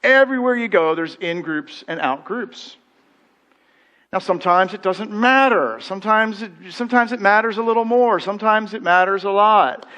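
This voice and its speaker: A man's voice: sits high, normal speed, bright, forceful tone, dull audio. A middle-aged American man preaching a sermon as pastor, telling anecdotes with quoted voices. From United States. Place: church sanctuary.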